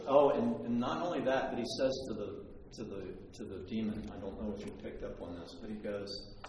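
Animated male preacher in an echoey hall. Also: lowish voice, a little fast, recorded from a distance, slight background noise. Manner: animated storytelling, acting out quotes. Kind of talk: sermon.

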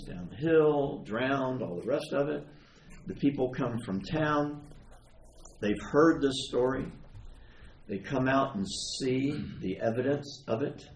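A man preaching a sermon in a conversational, animated way, retelling stories and asking his listeners questions. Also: medium pitch. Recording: echoey room with faint ambient noise.

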